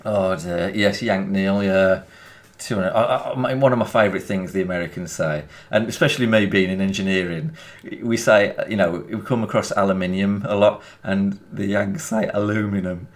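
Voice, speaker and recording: A man's voice: low voice, normal speed, few pauses. A man with a Birmingham accent chatting casually while playing a video game, rambling and chuckling often. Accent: Birmingham English. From England. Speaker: gaming YouTuber. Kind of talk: casual chat over gameplay.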